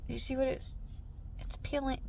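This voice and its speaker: A woman's voice: high-pitched, flat delivery, a little fast, vocal fry, dark tone, slight background noise. A woman vlogging in a chatty storytelling way, laughing often and acting out what was said. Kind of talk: casual vlog chat.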